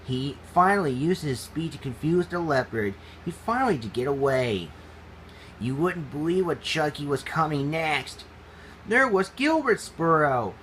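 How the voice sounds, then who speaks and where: A man's voice: a little high, expressive, fairly bright tone, a little hiss or hum, poor audio. Man reading a homemade storybook aloud. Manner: halting, ungrammatical read-aloud.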